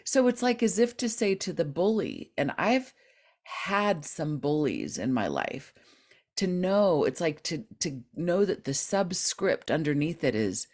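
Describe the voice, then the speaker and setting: A woman hosting a podcast interview, effusive and affirming, animated when she quotes voices. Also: deep voice, a little slow. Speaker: podcast host.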